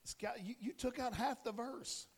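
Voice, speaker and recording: With a very high, slightly rough voice at a measured pace, a pastor in his forties preaches casually and jokingly, often turning questions to the congregation. The recording, made in a church sanctuary, carries a long hall reverb.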